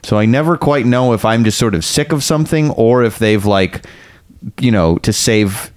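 A man's voice: medium pitch, moderate pace, no room sound, clean studio sound. A man co-hosting a podcast, joking and chatting casually with hesitant restarts. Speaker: podcast co-host. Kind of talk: casual chat.

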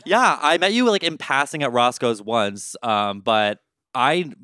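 Campy male podcast guest from Baltimore, sassy and smooth-voiced. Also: mid-range voice, animated, measured pace, sharp tone, dry recording. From Baltimore, USA. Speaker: podcast guest, drag performer. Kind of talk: casual podcast banter.

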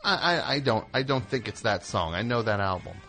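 A man's voice: lowish voice, expressive, brisk, pushed and bright. A man hosting a radio show, rambling and joking in a digressive way as he chats and plugs music. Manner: digressive, chatty, plugs music between jokes. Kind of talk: rambling comedic radio talk.

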